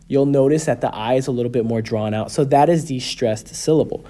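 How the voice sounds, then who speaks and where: A man's voice: medium pitch, brisk, dark tone. A man in his thirties teaching a class, patiently explaining and often checking in with "okay?" or "right?". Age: 30s. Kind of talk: classroom lecture.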